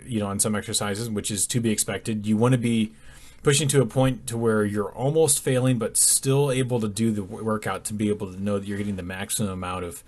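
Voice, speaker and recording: Sleepy young guy talking over his gym footage, lots of ums, kinda low voice. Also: a little mellow. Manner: rambling, many ums and restarts. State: sleepy, yawning. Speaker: fitness vlogger. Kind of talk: casual voice-over commentary on a workout.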